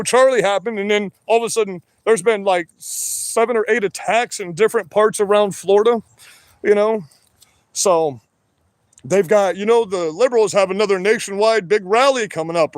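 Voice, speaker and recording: A man livestreaming from his work shed on a phone, talking loud, rambling and profane, wired on energy drinks, so that he always sounds like he is yelling. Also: sits high, a little fast, dry recording. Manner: loud, rambling and profane, with many "you know"s. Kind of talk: livestream rant.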